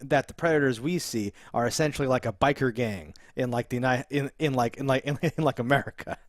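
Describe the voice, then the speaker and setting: A man co-hosting a casual trailer review, rambling with many restarts and jumping into excited quoted voices. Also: medium pitch, brisk, no echo, studio quality. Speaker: co-host.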